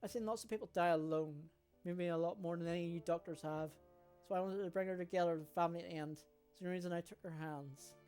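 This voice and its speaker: A woman voicing a calm, gentle male caregiver, speaking softly and hushed. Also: lowish voice, fast talker, close to an everyday voice. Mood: earnest. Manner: soft and hushed. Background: faint game music.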